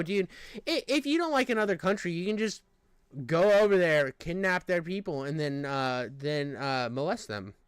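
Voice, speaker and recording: A man's voice: high voice, fairly bright tone, no room sound. A young man streaming, ranting heatedly and arguing with a critic in profane, combative language. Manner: profane, argumentative, addressing a critic directly. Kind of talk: heated live-stream rant.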